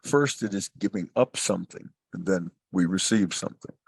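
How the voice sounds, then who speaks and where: A man's voice: sits low, normal speed, gravelly, husky, dry recording. An older man, a guest advisor, speaking in an expansive, philosophical, storytelling way in an interview. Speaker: guest, family wealth advisor. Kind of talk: reflective interview talk.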